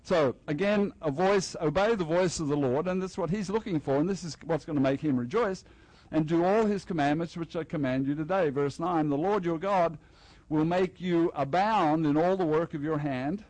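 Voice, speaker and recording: A man's voice: fairly high pitch, normal speed, darkish tone, no room sound, low-quality recording. An older man preaching a festival sermon in a loose, joking, conversational way, acting out little dialogues with the congregation. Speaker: pastor. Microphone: headset mic.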